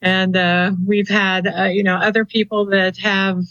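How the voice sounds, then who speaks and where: A woman's voice: mid-range voice, little pitch movement, a little slow, a bit bright, no echo. A chatty woman in an interview who rambles through her stories with plenty of "you know"s. Her voice comes through a muffled, lo-fi recording and sounds close and dry, with no room around it. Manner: chatty and storytelling, with many fillers. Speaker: client coordinator of a ghost-hunting group. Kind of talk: casual interview chat.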